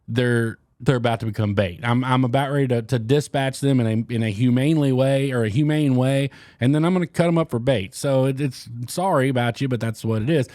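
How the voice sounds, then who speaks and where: A man hosting his own fishing channel talks straight to the viewer in loose, rambling, joking chat. His voice sits at a middling pitch, and the sound is close and dry with no room echo. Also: fairly quick, darkish tone. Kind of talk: casual chat to camera.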